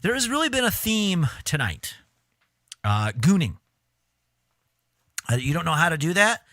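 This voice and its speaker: A man's voice: on the high side, sing-song, unhurried, bright, forceful tone, no room sound, clean studio sound. A man hosting a live stream, giving casual, crude, joking commentary with laughing asides.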